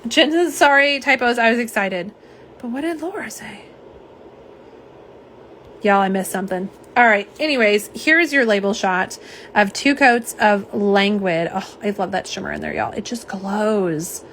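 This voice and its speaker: A woman's voice: medium pitch, a little slow, a bit bright, a little hiss or hum. A woman hosting a live nail polish unboxing, chatting casually and reading viewer comments aloud. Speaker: nail polish livestream host. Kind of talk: live unboxing and swatching chat.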